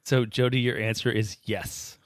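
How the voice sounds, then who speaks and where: A man co-hosting a casual soccer podcast, relaxed and quick to laugh as he reads listener questions. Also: mid-range voice, no room sound, clean studio sound. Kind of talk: casual chat.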